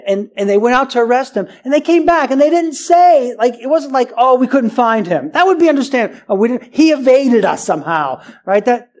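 A man with a high voice preaches to his congregation. He is animated, sinking into quiet, earnest stretches, then rising into raised, exclaiming passages. He often stumbles, restarts and repeats his words mid-thought. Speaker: pastor. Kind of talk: expository sermon.

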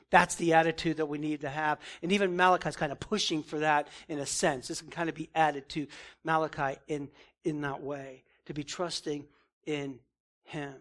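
A man's voice: a little high, fairly even intonation, normal speed, a bit bright. A man preaching a sermon in an earnest, emphatic way, asking questions and answering them himself. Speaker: pastor.

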